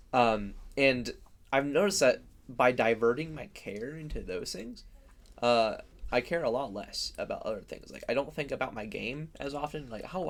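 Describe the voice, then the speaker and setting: Earnest young Midwestern man, halting. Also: medium pitch, gravelly. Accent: Midwestern American. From Missouri. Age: young adult. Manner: earnest, halting, with many fillers. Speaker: podcast co-host. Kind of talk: casual chat.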